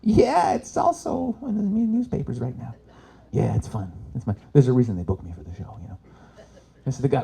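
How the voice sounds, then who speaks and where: A man doing a live stand-up comedy set on an event stage, swearing freely and swinging between loud punchlines and low asides. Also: big pitch swings, fairly quick, gravelly, breathy edge.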